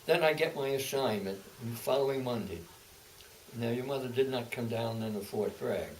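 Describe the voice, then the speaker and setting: A man's voice: mid-range voice, distant mic, low-quality recording. Brief: old man in his eighties, oral-history storyteller, stop-start delivery, mic set back with faint hiss. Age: 80s. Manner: halting, repeats words and restarts, then speeds up. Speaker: interviewee, veteran. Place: home, indoors.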